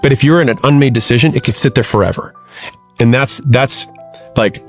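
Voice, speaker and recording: A man talking reflectively on a podcast, thinking aloud in a measured way with some repetition. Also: mid-range voice, faint music behind. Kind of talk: reflective conversational talk.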